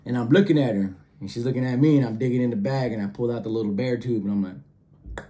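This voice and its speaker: A man spinning a casual story in heavy slang, jumping between his own voice and quick put-on voices for others. His voice sits at an everyday pitch with a dark, mellow tone. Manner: slangy, animated, acts out quoted voices. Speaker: storyteller host.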